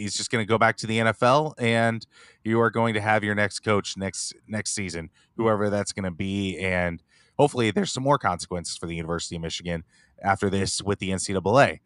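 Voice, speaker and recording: A man co-hosting a sports podcast in heated casual chat, mocking and mimicking others in squeaky voices. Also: a bit bright, no room sound, clean studio sound. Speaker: podcast co-host.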